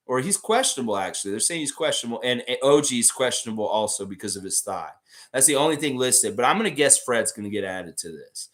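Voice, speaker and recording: A man's voice: mid-range voice, fairly bright tone. A man hosting a casual fan livestream, reading out viewer comments and rambling through a story with lots of filler words. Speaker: sports fan livestream host.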